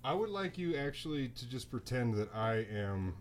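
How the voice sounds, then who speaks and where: A man's voice: medium pitch, big pitch swings, normal speed, a little hiss or hum. A man hosting a podcast, cracking dry jokes in casual banter. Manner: joking, dry wisecracks. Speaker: podcast host.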